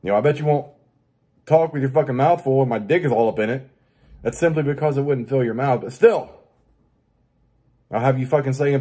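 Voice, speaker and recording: Foul-mouthed man ranting, dark husky voice. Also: brisk, long pauses. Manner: crude, swearing constantly, mocking; rants about daily annoyances, mimics others in high voice. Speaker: show host. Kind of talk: profane comedic rant.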